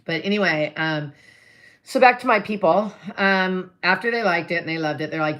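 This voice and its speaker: A middle-aged woman real estate agent talking live to viewers, telling a deal story in a chatty way, acting out both sides of phone calls and pitching her classes. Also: lively intonation, brisk, a bit bright. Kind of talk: live-stream talk to viewers.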